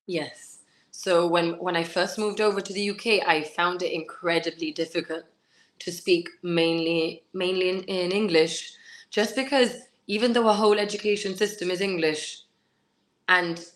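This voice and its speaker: A pageant contestant in her twenties, speaking with a Gibraltarian accent, laughs through her stories as a guest in a casual interview chat. Her voice is lowish, her intonation fairly even, and her pace moderate.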